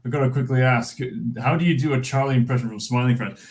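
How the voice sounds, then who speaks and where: A man's voice: mid-range voice, lively intonation, moderate pace. A man hosting a casual livestream, chatting to viewers in a rambling way with many ums and restarts. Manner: rambling, hesitant, lots of fillers and restarts. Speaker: livestream host. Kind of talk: casual livestream chat reading comments.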